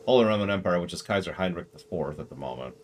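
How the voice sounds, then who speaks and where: A man's voice: low-pitched, animated, fast, slight background noise. Chatty man streaming a strategy game. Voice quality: joking, chatty, reacts aloud to the game. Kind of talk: casual gameplay commentary.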